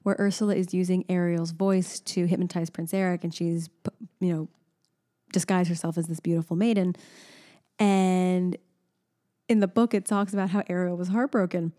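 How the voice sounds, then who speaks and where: A woman's voice: on the low side, moderate pace. A woman in her thirties chatting casually as a podcast co-host, animatedly telling stories about her young daughter. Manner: animated storyteller, mimics her toddler. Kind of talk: casual chat.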